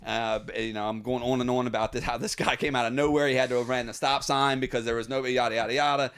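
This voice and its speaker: A man hosting a podcast, telling wild stories from his youth in a casual, swearing, animated way. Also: medium pitch, quick pace, smooth. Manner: profane, animated anecdote-telling with laughs. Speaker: podcast host. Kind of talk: casual storytelling.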